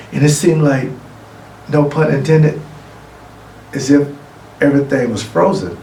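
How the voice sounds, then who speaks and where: Gravelly man telling a story in an echoey room. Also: fairly high pitch, a little slow, pauses often. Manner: lively anecdote-telling, acting out other voices. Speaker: award honoree. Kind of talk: acceptance speech with storytelling. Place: room, recorded for a virtual gala. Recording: echoey room, distant mic, faint noise.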